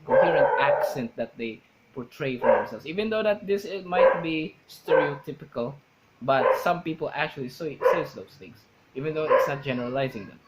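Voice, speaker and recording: Rambling vlogger man, slightly higher voice. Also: heavy background noise. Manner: rambling, searches for words. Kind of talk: casual explaining to camera.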